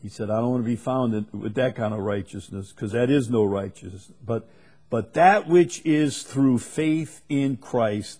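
A man's voice: fairly low pitch, dark tone, slightly rough. A man preaching a sermon, stressing and repeating key words with rising emphasis.

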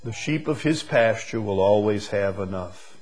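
A man preaching a sermon, drawing words out slowly and swinging from loud emphasis to hushed, quiet lines. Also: lowish voice, expressive, rough recording. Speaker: pastor.

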